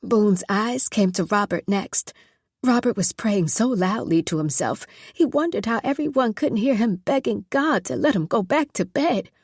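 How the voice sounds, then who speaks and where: A woman reading a novel aloud in steady, measured narration. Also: mid-range voice, breathy edge, no echo, clean studio sound. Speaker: audiobook narrator. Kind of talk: scripted narration.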